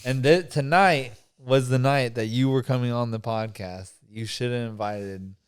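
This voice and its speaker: A man's voice: medium pitch, unhurried, clean tone, dry recording, clean studio sound. A young man hosting a casual podcast chat, rambling with lots of fillers, swearing and laughing easily. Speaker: podcast host.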